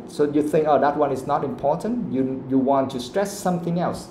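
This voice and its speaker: A man with a Vietnamese accent teaches an English class, repeating and rephrasing his points. His voice is warm and dark. It sounds like an echoey room. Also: a little high, normal speed, a little hiss or hum. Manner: explains patiently, repeats himself, switches into Vietnamese to clarify. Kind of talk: live classroom lesson.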